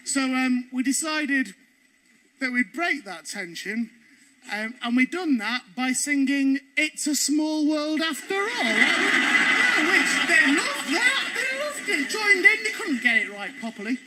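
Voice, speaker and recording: High-voiced cheeky comedian. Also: male voice, slow pace, very noisy. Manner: animated, cheeky, swears freely. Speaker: stand-up comedian. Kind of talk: stand-up storytelling.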